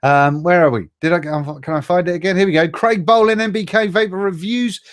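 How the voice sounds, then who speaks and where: A man's voice: sits high, a little fast. A middle-aged man hosts a casual live stream, reading out viewer greetings in a chatty, jokey way and stumbling over names.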